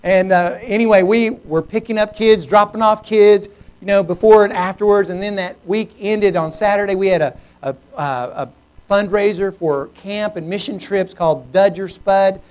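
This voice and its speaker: A male pastor preaching a sermon, telling a personal story in an animated, humorous, self-mocking way. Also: high voice, moderate pace.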